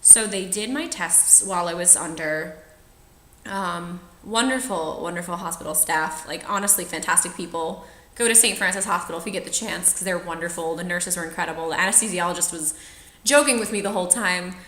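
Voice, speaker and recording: A woman in her twenties with a trained singer's voice tells her own story straight to camera, frank and easygoing, breaking into laughs. Her tone is bright and forceful. The room around her sounds echoey. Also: lowish voice, brisk. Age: 20s. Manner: chatty, frank, laughs often while telling. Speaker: vlogger sharing personal experience.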